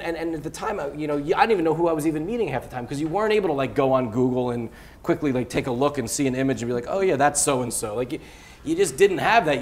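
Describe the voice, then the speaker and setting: A man, a venture capitalist guest on stage, speaking in an animated, rambling way full of fillers and restarts. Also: on the high side, slight background noise. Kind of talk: onstage interview. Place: event hall before a live audience.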